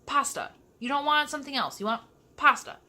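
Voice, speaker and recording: A woman's voice: sits high, lively intonation, a little fast, bright, forceful tone. A young woman from Michigan chatting casually through a cooking vlog in her home kitchen, with sassy asides. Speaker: vlogger.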